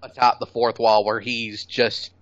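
A man's voice: mid-range voice, little pitch movement, a little slow, a bit bright, no echo. A man chatting casually on a podcast, blunt and opinionated, swearing freely and laughing at his own jokes. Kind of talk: casual chat. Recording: dull lo-fi sound.

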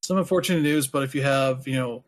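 A man talks loosely on a podcast, filling pauses with plenty of "uh" and "you know." His voice sits at an ordinary middle pitch. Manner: rambling, many filler words. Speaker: podcast host. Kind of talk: casual chat.

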